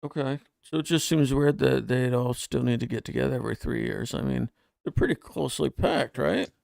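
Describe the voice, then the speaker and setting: A man chatting on a podcast in a gravelly, creaky voice. He asks wry, questioning follow-ups and reads passages aloud. The recording is dry, with no room sound. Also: mid-range voice, a little fast, darkish tone, dry recording. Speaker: podcast co-host. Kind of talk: casual chat.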